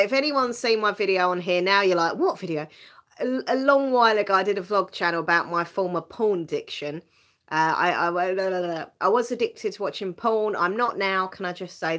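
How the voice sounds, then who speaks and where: Her medium-pitched voice is a bit bright as this Essex woman from England hosts a relaxed live stream, reading comments from viewers. Chatty and self-deprecating, she laughs frequently and repeats words when launching into sentences.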